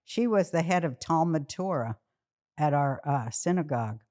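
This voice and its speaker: Lachende vertelster, vrouw met lage stem. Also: female voice, sits low, moderate pace. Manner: animated storytelling, laughs often. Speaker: guest. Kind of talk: casual chat.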